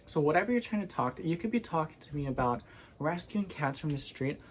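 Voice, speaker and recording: A woman with a low voice talks casually to her phone camera from her bedroom. She rambles and keeps restarting her sentences. A steady background noise sits under the recording. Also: fast, low-quality recording. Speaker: vlogger. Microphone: phone propped on a windowsill.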